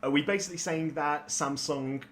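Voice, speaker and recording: A man co-hosting a live gaming podcast, bantering playfully with quick remarks. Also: a little high, a bit bright. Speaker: podcast co-host. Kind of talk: casual live podcast chat.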